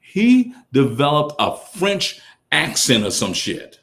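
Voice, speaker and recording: A middle-aged man holding forth as a podcast guest. His pitch swings between loud bursts and hushed asides. He tells colloquial stories and acts out what other people said. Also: wildly swooping pitch, slow. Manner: colloquial, quotes others in character. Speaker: guest speaker. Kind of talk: casual storytelling on a podcast.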